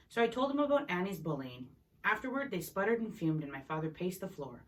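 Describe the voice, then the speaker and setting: Woman reading a book aloud, low voice, a few stumbles, sounds kinda far from the mic. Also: sing-song, fairly quick. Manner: unpolished reading with small slips and restarts. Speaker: reader. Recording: voice a bit distant from the mic.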